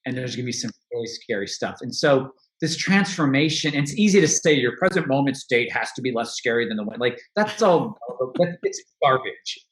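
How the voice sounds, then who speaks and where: A man's voice: medium pitch, lively intonation, brisk, a bit bright, echoey room. A man speaking as a podcast guest, talking candidly and reflectively about his own life, often restarting and laughing. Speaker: podcast guest, money coach. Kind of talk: casual interview talk.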